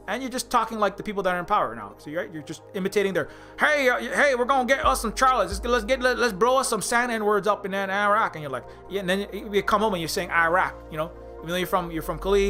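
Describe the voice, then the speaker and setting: A man's voice: sits high, bright, forceful tone. A man from Hawaii, an indie game developer, delivering a heated, profane rant full of restarts and repetitions. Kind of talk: ranting monologue.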